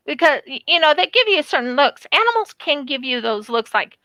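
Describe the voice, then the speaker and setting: A woman's voice: extremely high pitch, normal speed, no echo. A woman vlogger chatting casually about childhood memories while she crafts, acting out quotes as she goes. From United States. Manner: animated, acts out quotes in her storytelling.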